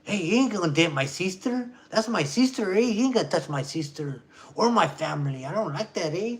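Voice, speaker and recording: A man putting on a loud, swaggering, mocking voice of an adult male street tough, pitched well above his own. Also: animated, moderate pace. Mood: taunting.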